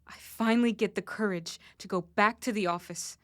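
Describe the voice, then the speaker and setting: A woman's voice: mid-range voice, normal speed, no echo, clean studio sound, lightly acted. A woman performing a young woman harassed at work after speaking up, in an intense spoken-word delivery. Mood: anguished.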